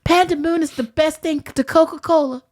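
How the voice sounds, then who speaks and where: Woman, Southern American accent, high voice, animated, profane, casual chat. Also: moderate pace. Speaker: podcast guest.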